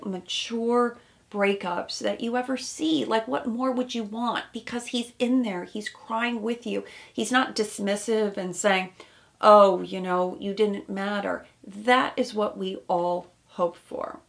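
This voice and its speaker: Woman therapist with a gravelly edge. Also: mid-range voice. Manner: animated, warm analytical commentary with quoted asides. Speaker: therapist commenting on reality TV. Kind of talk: casual video commentary.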